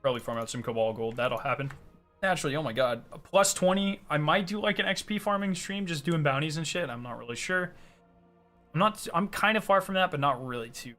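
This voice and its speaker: A man chatting casually on a gaming stream, excitable and ranting with plenty of swearing. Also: a little high, a little fast, soft background music.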